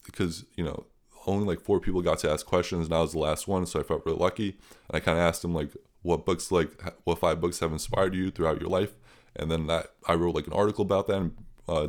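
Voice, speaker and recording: A man's voice: low voice, a little mellow. A young man who is a guest on an interview podcast, telling a story in an earnest, rambling way full of fillers.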